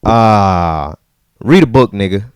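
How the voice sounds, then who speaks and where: A man rants casually straight to camera, heavy with slang and repeated phrases. His voice is very lively, swinging from low mutters up to sharp outbursts. The sound is dry and close. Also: slow, clean tone, dry recording. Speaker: vlogger.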